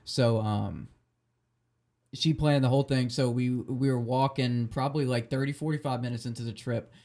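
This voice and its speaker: A man's voice: medium pitch, steady tone, moderate pace, a little mellow. Drunk guy, podcast host, rambling, swearing, lots of ums and restarts. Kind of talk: rambling storytelling chat.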